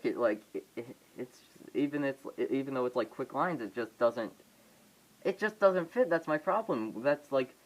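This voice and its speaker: A man giving a casual off-the-cuff review to his phone camera, rambling and halting, with many fillers and restarts. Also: on the low side, poor audio. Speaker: vlogger reviewing a film.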